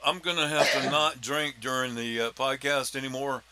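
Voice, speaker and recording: A man's voice: mid-range voice, steady tone, moderate pace, bright, forceful tone. A man hosting a podcast, chatting casually and joking with his co-hosts. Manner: joking, rambling, sign-off style. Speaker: podcast host. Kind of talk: casual chat.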